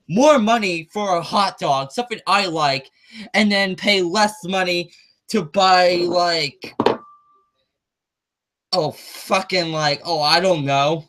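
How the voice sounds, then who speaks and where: A man hosting a comedy show, reading a news article aloud haltingly and then launching into a profane, stammering rant. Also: high voice, fairly bright tone. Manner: exasperated, profane, stammering with restarts. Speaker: comedic host.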